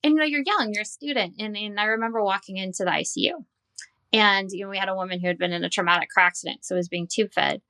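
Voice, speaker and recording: Her voice medium-pitched, smooth, and pushed bright, this dietitian in her forties talks fast as an interview guest. She recounts her personal story with candor and earnestness, quoting what people said.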